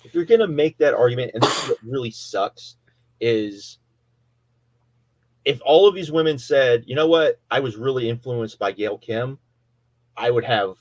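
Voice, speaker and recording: Male co-host, mid-pitch, hedges and restarts constantly, dry booth sound. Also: animated, normal speed, long pauses, no echo, rough recording. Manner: hesitant, restarts and self-corrects while arguing. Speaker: podcast co-host. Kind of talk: casual debate chat.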